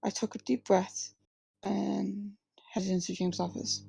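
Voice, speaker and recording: A woman's voice: mid-range voice, little pitch movement, measured pace, gravelly, dark tone, breathy edge, no room sound, poor audio. A woman reading her own first-person fiction aloud at a live reading, with small slips and restarts. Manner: plain reading with slips and restarts, few distinct character voices.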